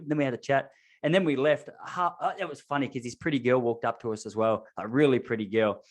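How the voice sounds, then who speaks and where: Aussie male podcast host, quick rambling anecdotes, self-deprecating. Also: medium pitch. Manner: rambling anecdotal storytelling with self-mocking humor. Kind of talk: casual chat.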